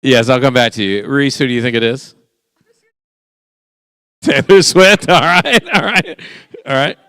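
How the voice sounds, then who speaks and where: Man, youth leader, playful game host, smooth voice, dry sound. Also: mid-range voice, sharp tone, no echo. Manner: playful, teasing, quick back-and-forth with the group. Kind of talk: casual game hosting. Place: church youth room.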